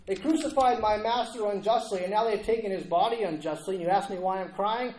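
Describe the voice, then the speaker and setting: A man's voice: high voice, brisk, a little mellow, echoey room, voice pushed up, lightly acted, rough recording. A man voicing an anguished, indignant grieving woman at a tomb, in an exasperated, incredulous outburst.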